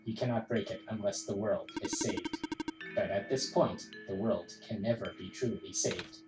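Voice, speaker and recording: A woman voicing a calm, detached computer entity in a game, speaking in flat, measured tones. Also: a bass voice. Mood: grave. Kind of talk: game dialogue read aloud. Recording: roomy echo with game music.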